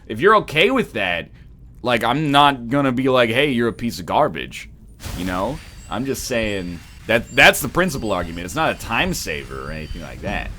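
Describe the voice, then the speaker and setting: A young man talks with his stream audience, animated and rambling. His pitch swings a lot from line to line, and his voice has a bright, forward edge. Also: normal speed, slight background noise. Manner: animated, rambling, tries celebrity impressions. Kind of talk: casual chat while playing a game.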